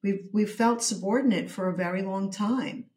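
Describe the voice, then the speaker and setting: A woman therapist and author being interviewed, explaining her ideas in a measured way with some hesitations. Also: medium pitch, a little mellow. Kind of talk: interview conversation.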